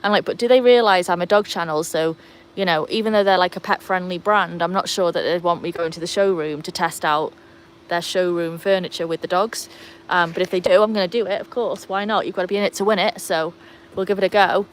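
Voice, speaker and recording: A woman's voice: lowish voice, fairly even intonation, a little fast, hardly any pauses, slight background noise. A woman hosting a casual live stream for her dog channel, rambling along with lots of fillers. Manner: chatty and rambling, with many fillers. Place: outdoors beside a pool.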